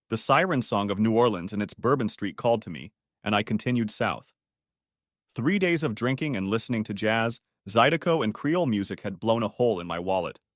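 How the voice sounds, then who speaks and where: A man reading a first-person story audiobook as narrator, with steady storytelling. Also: lowish voice, no room sound, clean studio sound.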